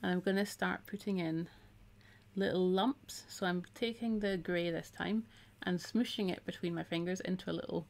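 A middle-aged woman talks her viewers through a craft on a live stream in a relaxed, chatty way, laughing often. Her voice sits fairly low and has a gravelly edge. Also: moderate pace. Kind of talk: casual craft tutorial.

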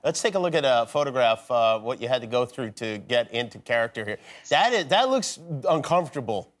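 A man's voice: mid-range voice, very animated, fairly quick. A man hosting a late-night talk show, cracking dry jokes as he interviews a guest. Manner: dry, joking.

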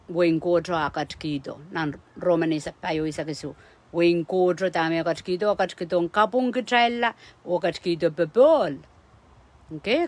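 A woman preaching a sermon, speaking emphatically and often checking in with her listeners. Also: on the low side.

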